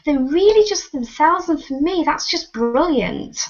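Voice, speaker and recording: This is a high-pitched woman with a Northern English accent, her voice made croaky by a sinus infection. She chats in an emphatic, repetitive way. The video call audio is dull and lo-fi. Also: expressive, a little slow. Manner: emphatic, chatty, repeats "actually". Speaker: guest. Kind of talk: casual video-call chat.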